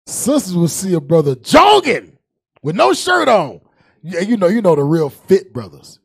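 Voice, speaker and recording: A man's voice: sits high, very animated, moderate pace, gravelly, breathy edge. A man preaching a humorous sermon. He laughs often, drags out key words, and calls on a reader to recite verses. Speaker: preacher and teacher.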